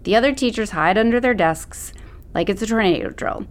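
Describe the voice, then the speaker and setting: A woman's voice: medium pitch, fairly quick. A woman narrating an audiobook in the first person, with a sassy, slangy teen attitude.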